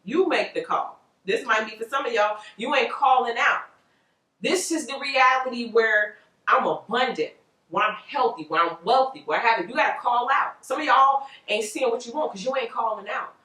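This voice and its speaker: A woman giving a casual tarot reading to viewers, animated and rambling, with frequent laughs. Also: fairly high pitch, moderate pace, recorded from a distance. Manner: animated, chatty, loose and rambling, laughs often. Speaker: tarot reader. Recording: roomy echo, voice off-mic.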